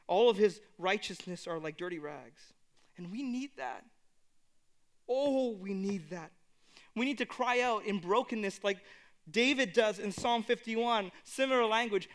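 A man preaching a sermon, earnest, moving between hushed reflection and emphatic exhortation. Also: sits high, measured pace. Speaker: pastor.

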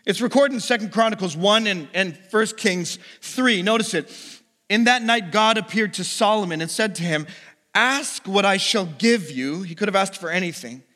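A man's voice: expressive, moderate pace, pushed and bright. A man preaching a sermon as pastor, telling stories and acting out the voices in them. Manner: storytelling, acts out quoted voices with big pitch jumps. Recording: long hall reverb.

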